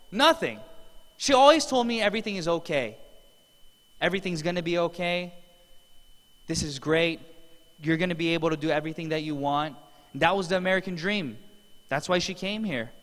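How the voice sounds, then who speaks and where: A man's voice: high voice, fairly bright tone. A man giving an earnest, emotional motivational testimonial as a seminar speaker in a large event hall. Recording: long hall reverb.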